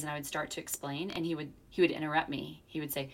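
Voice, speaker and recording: A woman with a low voice tells a personal story in a relaxed chat. She is animated and reflective, and she acts out the people she quotes. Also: fast talker, gravelly, hardly any pauses. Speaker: podcast co-host. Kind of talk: casual chat.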